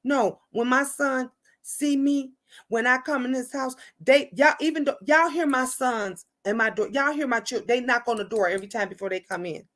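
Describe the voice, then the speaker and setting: Blunt, high bright-voiced woman chatting. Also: normal speed. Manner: blunt, animated, repeats "okay?". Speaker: livestream host. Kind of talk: casual livestream chat with viewers.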